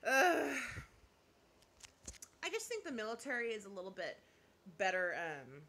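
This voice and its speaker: A woman's voice: mid-range voice, huge pitch swings, unhurried, sharp tone. A woman YouTuber in casual live chat, reading viewer comments and giving blunt opinions, laughing often and apologizing half-jokingly.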